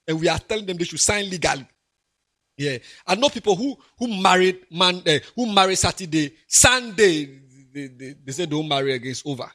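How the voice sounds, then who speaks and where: A husky, bright-toned man with a Ghanaian accent preaching a sermon. His voice sits high and he moves from soft asides to loud, emphatic bursts. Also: expressive, moderate pace. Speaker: pastor.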